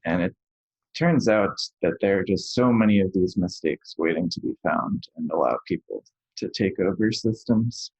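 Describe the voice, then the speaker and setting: Low-voiced man explaining tech, dull dry sound. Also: animated, normal speed, a little mellow, slightly rough. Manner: explains technical points plainly with many "like" fillers. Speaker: guest software engineer. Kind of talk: casual podcast interview.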